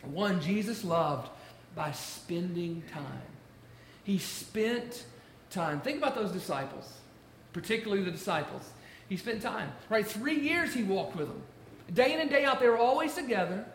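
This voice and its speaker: High, gravelly-voiced man preaching. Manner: emphatic, repeats key phrases slowly. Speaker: pastor. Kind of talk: sermon. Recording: echoey room with faint noise.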